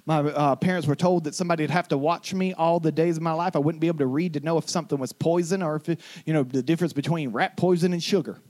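A young adult male pastor preaching a sermon, telling his story quietly and then rising to shouted declarations. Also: a little high, steady tone, quick pace, hardly any pauses.

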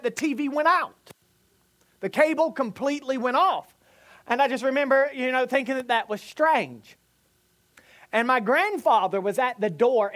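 A man preaches in a notably high voice. He tells a vivid personal story, pausing and restarting as he goes. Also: a bit bright. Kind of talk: sermon storytelling.

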